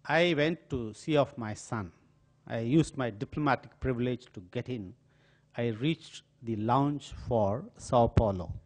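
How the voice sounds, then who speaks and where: An older man from India with an Indian accent, a diplomat telling anecdotes in a lecture in an auditorium, with some pauses and hesitations. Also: medium pitch. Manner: storytelling with acted quotes and pauses, some filler hesitations. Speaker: diplomat giving a talk.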